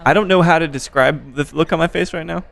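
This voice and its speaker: A man hosting a podcast interview, relaxed and joking, swearing casually. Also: on the high side, fast, gravelly. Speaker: podcast host. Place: bar by a window.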